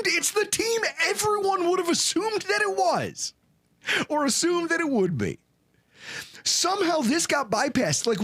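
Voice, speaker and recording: A man's voice: very high-pitched, fairly bright tone, no room sound. A man hosting a sports podcast, ranting in a casual, sarcastic way. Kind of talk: casual sports talk rant.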